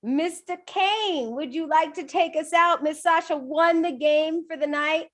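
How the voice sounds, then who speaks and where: A woman co-hosting a casual group chat on a video call, laughing often and talking in an animated way. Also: high-pitched, measured pace. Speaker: co-host.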